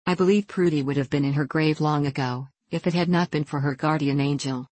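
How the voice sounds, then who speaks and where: Calm thoughtful aunt in a storybook, low and dry, woman reading her. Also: brisk, no room sound.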